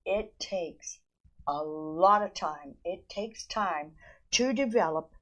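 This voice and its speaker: An older woman, a grandmother, giving calm advice on children's feelings, speaking slowly and deliberately with pauses. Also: fairly low pitch. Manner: slow and deliberate, with pauses and fillers. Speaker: grandmother and parenting guest.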